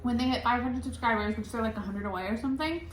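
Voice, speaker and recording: A woman's voice: a little high, quick pace. A young woman co-hosting a podcast, chatting in an upbeat, playful way. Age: young adult. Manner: upbeat, playful, chimes in often. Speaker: podcast co-host. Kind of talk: casual chat. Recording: echoey room with faint noise.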